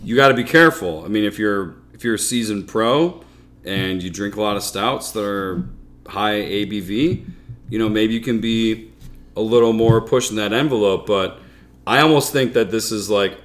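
A man with a fairly low voice co-hosts a beer podcast. He talks casually and rambles as he jokes. He laughs often and lets his sentences trail off. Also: normal speed, fairly bright tone. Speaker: podcast co-host. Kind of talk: casual chat over beers.

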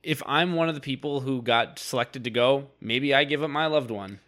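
A married man co-hosting a casual podcast, reasoning through a reality-show moment in a thoughtful, slightly halting way. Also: mid-range voice, a bit bright. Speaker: podcast co-host. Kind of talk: casual podcast recap chat.

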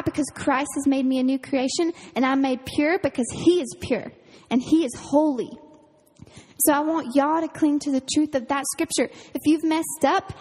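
A woman camp counselor, giving a casual, earnest youth sermon full of fillers and quick laughs. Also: high voice, darkish tone. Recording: reverberant hall.

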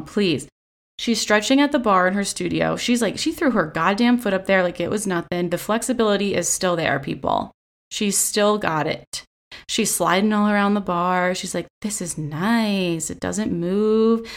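A young woman giving a casual, profane recap of a reality show, chatty and sarcastic with lots of filler words, recorded on a phone. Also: medium pitch. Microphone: phone selfie camera.

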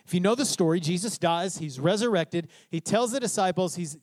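High-voiced animated preacher, man. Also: brisk, dry recording. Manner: animated storytelling preacher, acts out quotes, asks "tracking?". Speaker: pastor. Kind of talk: sermon.

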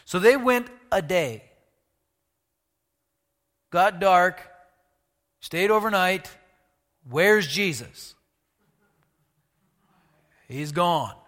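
High, bright-voiced preacher in a reverberant hall. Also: male voice, extremely slow, pauses often. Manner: animated, asks the congregation questions, swings between loud and hushed. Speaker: pastor. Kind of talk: sermon.

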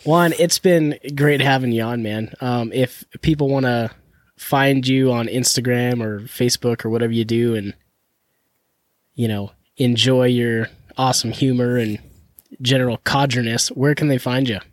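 A man's voice: medium pitch, fairly even intonation, moderate pace, dry recording, clean studio sound. Wry teasing podcast host man. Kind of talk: casual chat.

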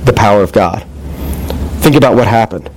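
A man's voice: on the low side, lively intonation, moderate pace, darkish tone, slight background noise. A man preaching a sermon, retelling a story in a conversational way and acting out the dialogue with joking asides. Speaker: pastor.

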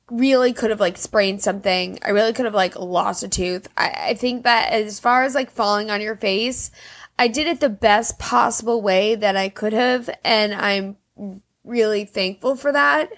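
A woman's voice: mid-range voice, a little slow, fairly bright tone. Tearful woman telling a story. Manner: rambling, emotional, heavy use of "like". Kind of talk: casual storytelling to camera.

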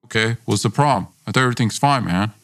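A man's voice: on the low side, fast, a bit bright. A man reading the lines of a hot-tempered, domineering young man in a story podcast, blunt, scornful and swearing. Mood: dismissive. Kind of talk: read dialogue in a story podcast.

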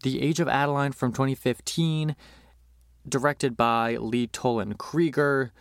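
A man's voice: mid-range voice, fairly even intonation, a little slow, vocal fry, clean tone, dry recording, studio quality. A man hosting a podcast, chatting casually and animatedly about movies, with lots of fillers, and acting out quotes. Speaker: podcast host.

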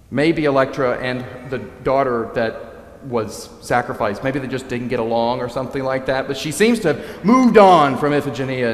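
A man preaching a sermon, telling a story in a lively way and acting out the characters' lines. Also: medium pitch. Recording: echoey hall.

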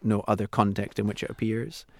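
Deep gravelly man chatting casually. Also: flat delivery, a little fast, dry recording, clean studio sound. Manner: chatty, thoughtful, trails off with fillers. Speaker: co-host. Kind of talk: casual chat.

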